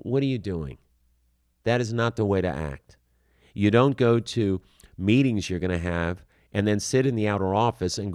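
A man with a very low voice gives audition advice to actors. He speaks bluntly and with animation, mixing scolding and encouragement in casual, slightly profane talk. The recording is dry and close, with no room sound. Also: a little mellow, dry recording. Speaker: acting coach. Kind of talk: instructional talk to camera.

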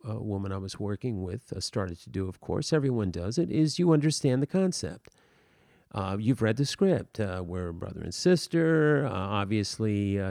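A man's voice: fairly low pitch, warm tone, no echo, clean studio sound. A man teaching acting in a casual spoken lesson, rambling with many fillers and restarts as he walks through a film scene.

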